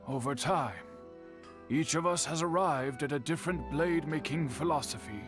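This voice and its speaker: An actor playing an elderly, patient master bladesmith in a game, speaking in a measured, formal way. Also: male voice, a little high. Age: older. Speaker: game character. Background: game music.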